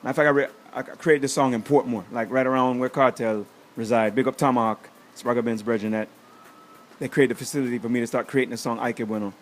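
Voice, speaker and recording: Fast-talking New man telling stories. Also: mid-range voice, slight background noise. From United States. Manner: animated, acts out quotes. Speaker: guest reggae artist. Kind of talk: casual chat, storytelling. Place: studio.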